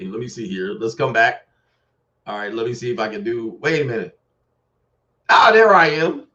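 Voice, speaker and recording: A man's voice: medium pitch, expressive, moderate pace, long pauses, sharp tone, no room sound, muffled recording. A man hosting a podcast from his computer, talking in a casual, rambling, profane way and laughing often. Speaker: podcast host. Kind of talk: casual live-streamed commentary. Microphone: computer mic and webcam.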